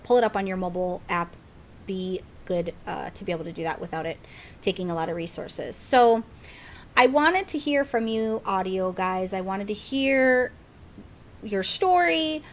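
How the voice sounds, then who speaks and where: A young woman hosting a casual gaming podcast, chatty and quick to laugh as she reads listener mail. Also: medium pitch. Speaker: podcast host.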